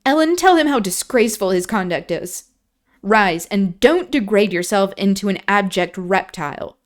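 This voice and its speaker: A woman's voice: mid-range voice, animated, moderate pace, natural voice. A woman voicing a spirited, proud young woman who speaks impatiently and with scorn, in a novel read aloud on a stream. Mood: indignant.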